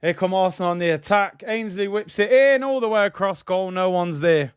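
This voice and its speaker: A man's voice: sits high, a little fast, clean tone, no echo. Exasperated young man, dry close sound. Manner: exasperated, sarcastic, repeats himself. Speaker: football channel host. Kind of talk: live watch-along commentary.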